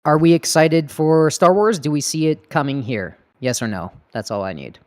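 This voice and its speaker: A man from Canada hosting a casual gaming podcast, upbeat, laughing often and firing off quick questions. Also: on the high side, lively intonation. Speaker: podcast host.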